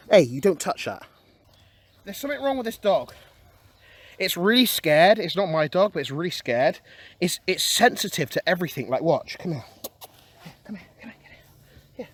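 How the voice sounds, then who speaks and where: A young man streaming a casual outdoor vlog, excitable and chatty, who keeps calling his viewers boys and swings between mumbling and yelling. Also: high-pitched, normal speed, long pauses. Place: outdoor garden.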